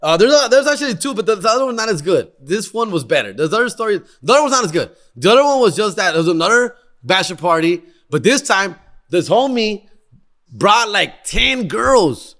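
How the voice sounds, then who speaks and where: The young podcast host spins wild tales casually, full of slang and excitement and peppered with Spanish. He sounds forceful and tense, a bit higher-pitched than most men, and talks fairly quickly.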